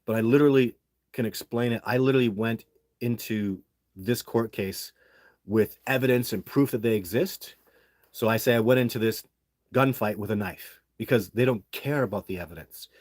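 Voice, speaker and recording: A man's voice: mid-range voice, moderate pace, darkish tone, no echo, studio quality. A man from Canada, an independent Sasquatch researcher who hosts the show, telling a story in a casual monologue. He talks bluntly and heatedly and swears freely while he vents.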